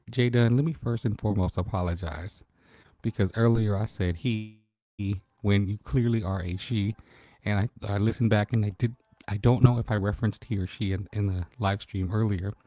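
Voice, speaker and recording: Mellow-voiced man hosting a late-night livestream. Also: fairly low pitch, no room sound. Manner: laid-back, chatty, greets viewers by name. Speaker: livestream host. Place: at home at night.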